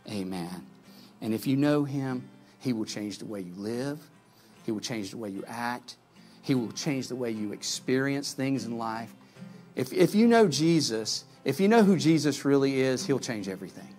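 Medium in pitch, a man preaches a sermon with earnest conviction. He swings from loud calls to gentle pleading during the altar call.

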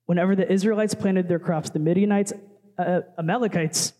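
Young man, high voice, casual sermon, chatty with asides, long hall reverb. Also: steady tone, fairly quick, mellow. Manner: conversational, chatty with many fillers and asides. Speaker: worship leader preaching.

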